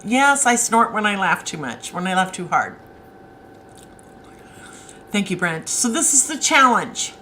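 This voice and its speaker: A woman's voice: medium pitch, big pitch swings, measured pace, pauses often, sharp tone, slight background noise, poor audio. A woman author hosting a casual live stream, chatting and answering viewer comments as they come in.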